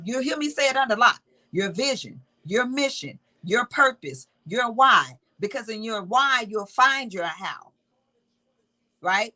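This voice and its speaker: A woman's voice: on the high side, sharp tone, rough recording. A woman teaching from the Bible in a casual, emphatic way, reading verses aloud and repeating key words.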